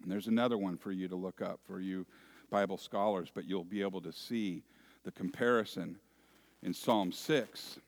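A man preaching a sermon, deliberate, lifting key phrases with emphasis and dropping into quiet asides. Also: low-pitched, steady tone. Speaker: pastor.

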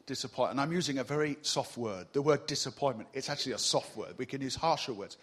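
A male preacher giving a sermon to a congregation in a church, animated and humorous, teasing the room with rhetorical questions. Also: medium pitch, fast talker, hardly any pauses, slightly rough. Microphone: mic on a stage.

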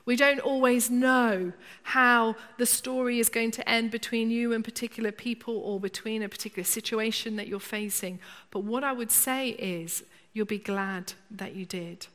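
A middle-aged woman delivers a sermon in a bright, fairly high voice. She talks conversationally and acts out people's inner voices. A long reverb from the hall trails behind her words. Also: steady tone, moderate pace, hardly any pauses. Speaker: preacher.

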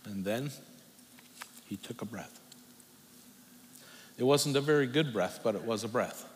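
A middle-aged man preaching a personal testimony, telling it in a halting, emotional way with long pauses. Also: mid-range voice. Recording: long reverb from a hall, faint noise.

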